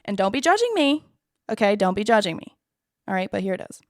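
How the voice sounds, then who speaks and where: Young woman in her twenties, candid vlog monologue, blunt and self-deprecating, curses often, mid-pitched voice, dry close sound. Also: big pitch swings, a little fast, dry recording. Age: 20s. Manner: frank, swears freely, self-deprecating. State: choked up at times. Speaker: vlogger.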